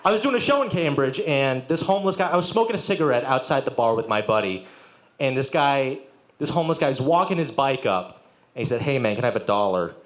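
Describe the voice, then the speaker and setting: A man's voice: mid-range voice, expressive, brisk. A young man doing a sardonic stand-up set with crowd work and profanity at a live venue. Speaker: stand-up comedian. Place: live music venue with audience. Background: audience laughter.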